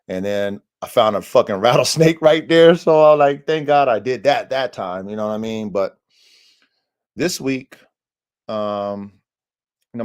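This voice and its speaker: A man hosting a livestream podcast, telling a story in casual, profane slang with lots of fillers and animated asides. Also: lowish voice. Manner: profane, slangy and animated, with many fillers like "you know what I'm saying". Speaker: podcast host, dog breeder. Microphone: livestream mic.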